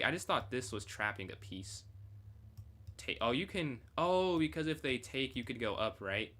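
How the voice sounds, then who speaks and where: A man's voice: mid-range voice, sharp tone. A young man casually reviewing his own chess game on a stream, thinking aloud and chatting with viewers.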